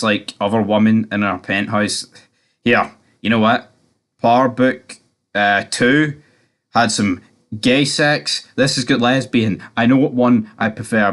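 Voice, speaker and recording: A man's voice: lowish voice, fairly bright tone. A man casually recapping a TV episode, rambling with lots of fillers and frequent swearing.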